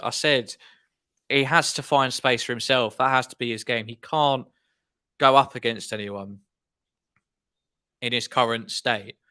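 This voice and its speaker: Exasperated man with a bright, forceful voice. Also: medium pitch. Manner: animated, exasperated fan commentary. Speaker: football watchalong host. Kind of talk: live match reaction commentary.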